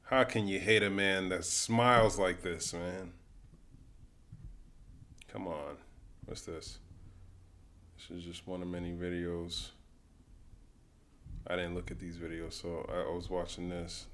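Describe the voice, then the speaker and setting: A man's voice: sits low, a bit bright, slight background noise. A man hosting a livestream, giving loose, profane, casual commentary on videos he is watching. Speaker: livestream host.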